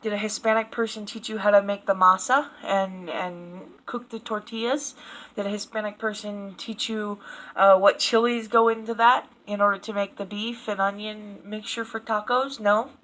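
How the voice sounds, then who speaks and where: A woman's voice: mid-range voice, steady tone, moderate pace, fairly bright tone, low-quality recording. A woman vlogging a casual opinion rant to camera, blunt and profane, laughing at her own jokes. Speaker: video blogger.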